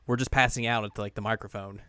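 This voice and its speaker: A man co-hosting a chatty podcast, with a smooth, clear voice recorded dry and close on the mic. He jokes and laughs often and fills his talk with "like" and "you know". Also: fairly low pitch, steady tone, fast, sharp tone, no room sound. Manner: jokey, laughs often, many fillers. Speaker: podcast co-host. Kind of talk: casual chat.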